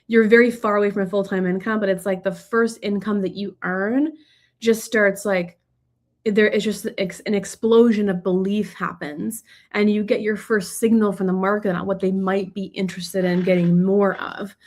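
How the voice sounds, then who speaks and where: A woman's voice: mid-range voice, level tone, moderate pace, darkish tone. A woman in a mid-range voice coaches her audience live, answering questions off the cuff. She talks loosely and chats her way through ideas, often restarting a sentence partway through. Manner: conversational, loose, with fillers and restarts. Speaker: business coach.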